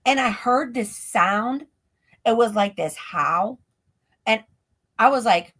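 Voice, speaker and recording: A woman's voice: a little high, lively intonation, takes it slowly, pauses often, a bit bright. A woman, a guest on a live stream, telling a story in a breathless run-on way that is full of "like". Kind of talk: storytelling in an interview. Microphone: stream call mic.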